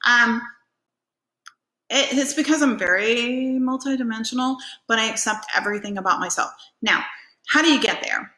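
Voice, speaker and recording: Life coach, female, talking to camera: bright, chatty, swears freely, acts out scenes, echoey room at home. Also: fairly high pitch. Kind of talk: casual motivational talk to camera.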